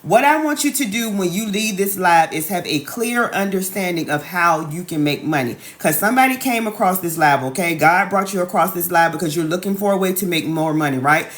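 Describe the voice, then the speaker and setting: A woman's voice: lowish voice, lively intonation, a little fast, hardly any pauses. Chatty woman hosting a live stream. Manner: chatty, repeats calls to the audience, says "y'all" and "okay" often. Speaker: online business coach hosting a live stream. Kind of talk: casual live-stream sales talk. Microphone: phone.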